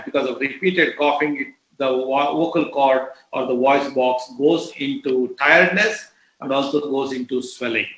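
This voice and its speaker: A middle-aged man from India with an Indian English accent, giving a measured medical lecture with many "uh" fillers. His voice is strained and lower than his usual. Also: a bit bright. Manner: measured, explanatory, frequent uh fillers. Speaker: doctor giving a health talk. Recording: echoey, dull lo-fi recording.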